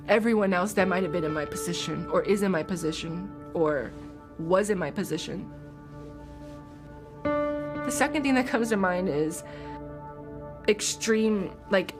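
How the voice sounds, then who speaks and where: Tearful woman in an interview, music beneath. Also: mid-range voice. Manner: tearful, halting, retelling conversations. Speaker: interviewee, widow of a veteran. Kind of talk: emotional interview.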